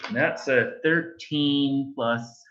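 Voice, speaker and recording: A man's voice: mid-range voice, a bit bright. Gleeful male player on a dull mic. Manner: gleeful, quick-spoken. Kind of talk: casual tabletop game play.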